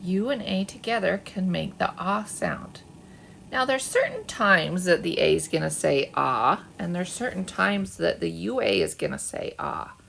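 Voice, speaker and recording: Working from home, away from school, a teacher leads a patient phonics lesson for second graders. She speaks slowly in a lowish voice with vocal fry and has the kids repeat each word after her.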